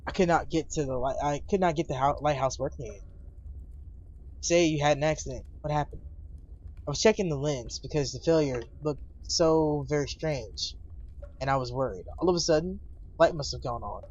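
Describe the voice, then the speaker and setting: A man's voice: a little high, normal speed, darkish tone, muffled recording, natural voice. A man voicing a blind old lighthouse keeper.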